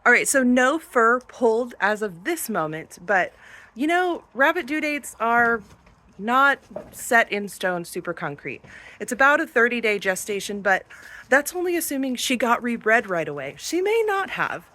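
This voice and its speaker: Chatty farm woman with a lively voice. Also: a little high, unhurried. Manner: chatty, talks sweetly to animals. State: out of breath at times. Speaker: farm vlogger. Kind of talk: casual vlog narration while doing chores. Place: outdoors and in barns on a small farm. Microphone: handheld camera, she films herself.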